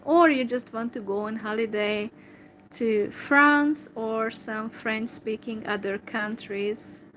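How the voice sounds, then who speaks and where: A Hungarian woman talking to camera in English with a Hungarian accent, replying to a viewer slowly and hesitantly, with many fillers. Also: on the high side, a bit bright, a little hiss or hum, poor audio. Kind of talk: casual talk to camera.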